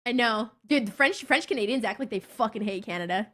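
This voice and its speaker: A young woman streamer chatting casually with her viewers, blunt, excitable and swearing constantly. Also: a little high, brisk. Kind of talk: casual livestream chat with viewers.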